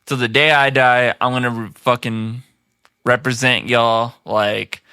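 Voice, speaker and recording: Laid-back swearing man, bright clear voice. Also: medium pitch, level tone, a little slow, no room sound, studio quality. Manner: laid-back, swears freely, repeats "that's the thing". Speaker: podcast guest, musician. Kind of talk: casual podcast chat.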